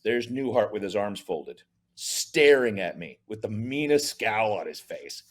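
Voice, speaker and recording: A man's voice: on the low side, measured pace. A middle-aged man, a comedian, telling stories in a casual interview and acting out the dialogue. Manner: animated, acts out dialogue in voices. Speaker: comedian guest.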